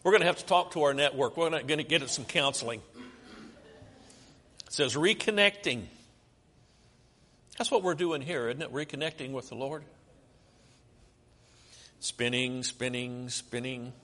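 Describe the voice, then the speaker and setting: Here a mid-range, slightly bright male voice moves at a moderate pace with frequent pauses. He's an American preacher working through slides, chatting with the crowd and asking them questions, all carried by long hall reverb.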